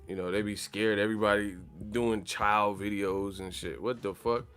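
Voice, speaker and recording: A man's voice: on the low side, steady tone, moderate pace, fairly bright tone, smooth, faint music behind. A man hosting a boxing channel livestream, chatting casually in a profane, joking, slangy way. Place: in the Bay Area, California.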